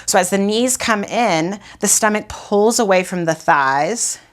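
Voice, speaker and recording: A woman's voice: mid-range voice, a little slow. A woman pilates instructor guiding a workout while doing it herself, out of breath and sighing between cues.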